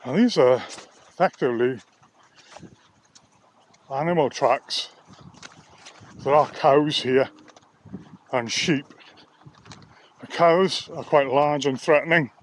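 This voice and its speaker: A vlogger and sound therapist from Wales chats casually to camera on a walk through an open nature reserve, grumbling a little between remarks. His mid-range voice is slow with long pauses, and there is slight background noise.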